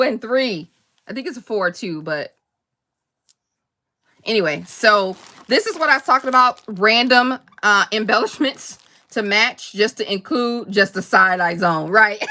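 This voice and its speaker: A woman hosting a casual live crafting chat, rambling warmly between laughs and answering viewer comments. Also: on the high side. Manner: chatty and rambling, laughs often, quick asides. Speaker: crafting channel host.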